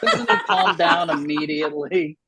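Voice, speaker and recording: A man's voice: on the high side, huge pitch swings, normal speed, heavy background noise. A man in his thirties doing a chatty, self-deprecating stand-up set from home on a video call, often laughing at his own jokes. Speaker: stand-up comedian. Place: home room, a former salon.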